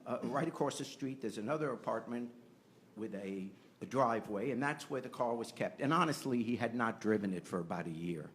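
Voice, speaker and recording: A man's voice: medium pitch, expressive, brisk, a little hiss or hum. An older man, a podcast host, telling a personal family story and growing impassioned as he argues his point. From United States. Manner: earnest, rising to impassioned.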